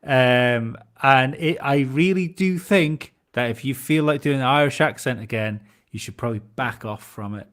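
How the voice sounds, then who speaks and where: A man's voice: medium pitch, normal speed, few pauses, fairly bright tone. A man, chatting casually on a podcast, rambling and joking about himself. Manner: rambling, self-deprecating, laughs often. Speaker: podcast guest. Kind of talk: casual chat.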